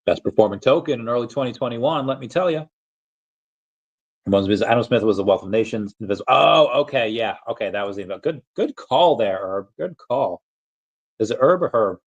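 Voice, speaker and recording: A man's voice: medium pitch, expressive, moderate pace, dull audio. A young man hosting a casual livestream, reading chat aloud in a rambling, playful way and often stumbling over repeated words.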